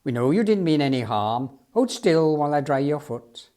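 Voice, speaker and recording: A man's voice: on the high side, big pitch swings, normal speed. A man voicing a kindly male engine driver, speaking in a soothing way. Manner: warm, soothing.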